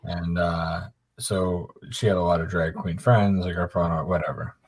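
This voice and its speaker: A man's voice: low-pitched, little pitch movement, moderate pace, breathy edge. A middle-aged man telling a long, profane anecdote in casual chat on a live stream. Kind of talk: casual storytelling.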